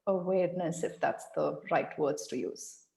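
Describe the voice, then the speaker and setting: A woman hosting an interview over a video call, asking slow, careful questions. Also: deep voice, creaky, a little mellow, roomy sound, big-room sound, rough recording. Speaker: host.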